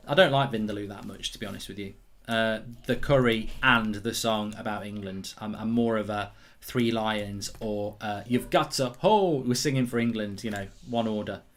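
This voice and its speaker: An excitable man hosts a live football watchalong stream and rambles on as he reads out viewers' comments. His voice sits at an average pitch for a man.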